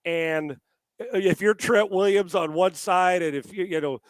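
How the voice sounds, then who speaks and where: High-voiced man in dry, animated sports talk. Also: measured pace, clear, resonant tone, no echo. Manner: animated, stammering restarts, profane. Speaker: sports analyst co-host.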